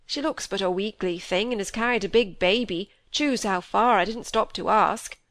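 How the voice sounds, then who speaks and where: A woman reading the part of a flustered male servant, hurried and plain-spoken, in a dry, close recording. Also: medium pitch, a bit bright, no room sound, lightly acted.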